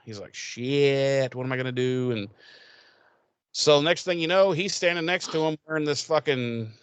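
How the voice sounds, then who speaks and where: A man's voice: mid-range voice, normal speed, smooth, no echo. A man co-hosting a podcast, casually recapping an episode in a rambling, profane way and acting out the characters' lines. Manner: rambling, profane, laughs often, acts out characters. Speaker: podcast co-host.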